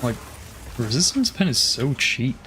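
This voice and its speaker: A man's voice: mid-range voice, sing-song, measured pace, bright, forceful tone, a little hiss or hum. A man casually commenting on his game as he plays, thinking aloud, swearing often and trailing off with fillers. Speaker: streamer.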